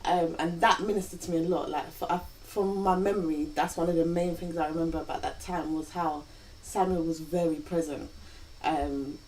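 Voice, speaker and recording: In a reflective chat with her partner, a vlog co-host earnestly recounts a personal story and quotes her own thoughts aloud. Her voice is low-pitched and darkish, with fairly even intonation at a moderate pace. A distant mic catches faint background hiss.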